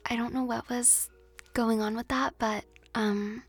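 Young woman, ASMR host, whispered ASMR chat, slow and airy, breathy, faint music behind. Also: a little high, fairly even intonation. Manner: rambling, giggly, with frequent ums.

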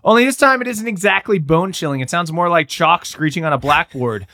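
A man reading a choose-your-own-adventure book aloud to friends, dramatic and quick to laugh. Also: fairly high pitch, expressive, pushed and bright. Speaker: reader and game master.

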